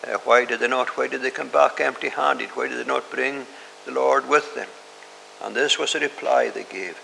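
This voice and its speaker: A man preaches with a heavily gravelly voice that has a bright, forceful edge. He speaks in a measured way and pauses often with hesitations. The recording has a long hall reverb and faint hiss. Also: medium pitch. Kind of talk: sermon.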